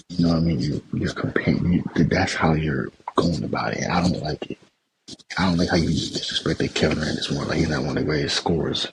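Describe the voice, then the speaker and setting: On his podcast, a young male host fumes through sports commentary, circling back to the same points and cursing as his frustration grows. He has a bass voice, and the low-quality recording carries a faint hiss or hum.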